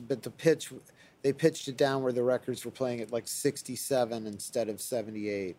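A man's voice: medium pitch, steady tone, normal speed, dark tone. A man in casual conversation, rambling enthusiastically with frequent fillers and restarts. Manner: rambling, enthusiastic about old records.

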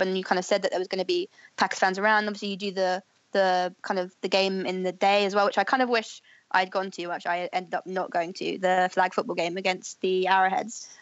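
A young woman chats quickly as a podcast guest, with lots of "like" and "kind of". Her voice comes over a dull, lo-fi line, dry and close. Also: medium pitch, no echo. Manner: chatty, filler-heavy, friendly. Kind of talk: casual podcast interview.

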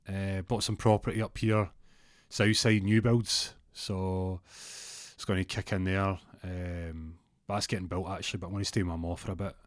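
A man's voice: deep voice, no echo, studio quality. A man with a Scottish accent telling a rambling comic story, acting out the characters. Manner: rambling, animated, acts out characters.

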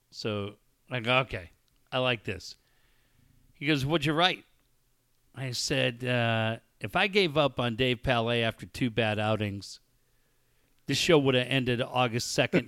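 A man's voice: medium pitch, dry recording, clean studio sound. A man in his forties hosting a talk show, telling stories in casual chat and acting out quoted dialogue. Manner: storytelling with animated quoted dialogue. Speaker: radio show host.

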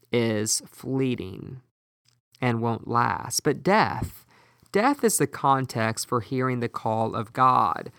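A man preaching a sermon in a measured, emphatic way, with slow deliberate pauses. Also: mid-range voice, a bit bright, dry recording, studio quality.

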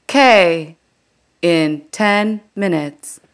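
A woman imitating a flat automated female transit announcer with slow, clipped delivery. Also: lowish voice, clean tone. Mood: deadpan.

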